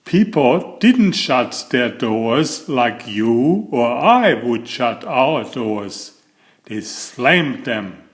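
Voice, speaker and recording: Reading a children's picture book aloud, this man takes a very slow, deliberate pace, his voice swooping with lively expression. Playful, drawn-out and animated, he pulls the young listener in with a medium-pitched voice.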